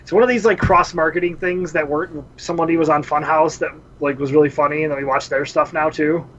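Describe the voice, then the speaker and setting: A man's voice: a little high, fast talker, highs cut off, a little hiss or hum. A man co-hosting a casual podcast, telling stories. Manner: animated storyteller, laughs often. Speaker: podcast co-host. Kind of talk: casual chat.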